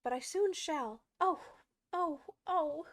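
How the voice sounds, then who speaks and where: Lady reading as a muddled kindly queen, fussy and a bit high, storybook style. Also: normal speed, no echo, lightly acted. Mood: wailing. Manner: fussy, wailing in distress.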